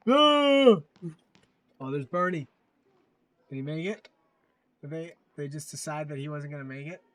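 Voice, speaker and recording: A man's voice: a little high, steady tone, normal speed, a bit bright, slight background noise. Chatty amused man streaming reactions. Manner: chatty, amused, rambling asides. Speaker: livestream host. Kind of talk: casual reaction commentary.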